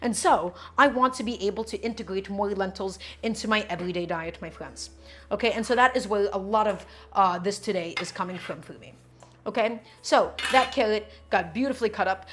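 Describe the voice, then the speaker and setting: A woman's voice: medium pitch, a little fast, a bit bright, a little hiss or hum. A woman streaming as she cooks, chatting casually, explaining her knife work and answering viewers' questions as she chops. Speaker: cooking streamer. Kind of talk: live-stream cooking chat.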